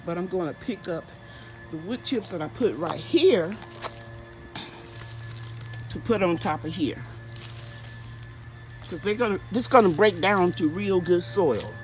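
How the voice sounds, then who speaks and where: A woman's voice: on the low side, animated, measured pace, long pauses, darkish tone, soft background music, poor audio. A woman hosting a gardening vlog outdoors in her home garden, chatting and explaining each step as she works. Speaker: gardening channel host. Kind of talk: casual vlog narration.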